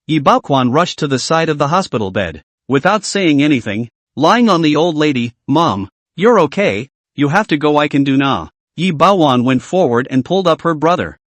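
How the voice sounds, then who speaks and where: A man narrates a story recap, reading every character's lines himself. His voice sits a little high, with a lively pitch that rises and falls constantly. The sound is close and dry, with no room around it. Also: dry recording.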